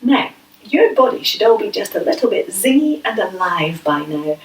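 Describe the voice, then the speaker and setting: A woman leading a yoga class for children, speaking gently and playfully with coaxing questions. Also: mid-range voice, big pitch swings, normal speed, a little hiss or hum. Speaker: yoga teacher. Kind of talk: guided kids' yoga class. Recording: echoey room, voice from a distance.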